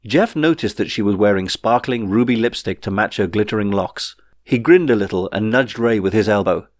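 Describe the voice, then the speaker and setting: A man narrating his own novel in a wry, measured storytelling way. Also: lowish voice, dry recording, studio quality. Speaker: author reading his novel. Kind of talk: audiobook narration.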